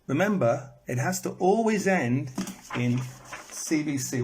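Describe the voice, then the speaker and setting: A male English teacher, recorded by phone amid background noise, leads a live online lesson where he repeats words for stress and bursts into bits of song. His voice is on the high side, animated, and a little slow.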